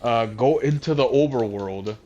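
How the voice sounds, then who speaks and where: A man's voice: medium pitch, measured pace, warm tone, close to an everyday voice. Man putting on an evil villainess, bossy, impatient, dull lo-fi audio. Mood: commanding.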